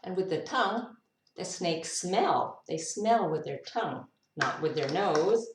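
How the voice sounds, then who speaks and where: A woman's voice: lowish voice, expressive, a little slow. Playful woman teacher reading animal book. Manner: playful, making animal noises between lines; spontaneous and unrehearsed, with laughs and musing asides. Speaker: English teacher. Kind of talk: reading a picture book aloud to children. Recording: roomy echo, voice from a distance.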